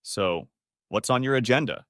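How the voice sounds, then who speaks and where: A man voicing a smug, smooth-talking male friend in an audiobook story. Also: medium pitch, animated, moderate pace, fairly bright tone, no room sound, studio quality.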